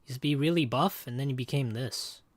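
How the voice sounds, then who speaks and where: A man's voice: mid-range voice, fairly quick, no room sound. Rambling, joking male game streamer. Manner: rambling and joking, chatting with viewers. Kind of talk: casual livestream chat.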